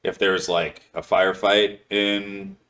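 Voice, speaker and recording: A man's voice: low-pitched, flat delivery, slow, a bit bright. A man hosting a podcast, telling a long story in casual chat, swearing a lot and filling his talk with "like". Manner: rambling, heavy swearing, many "like" fillers. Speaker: podcast host.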